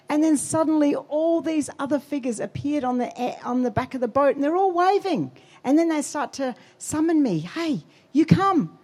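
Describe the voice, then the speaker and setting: A woman giving a sermon testimony, telling her story with animated quotes and emphasis. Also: mid-range voice, gravelly. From Australia.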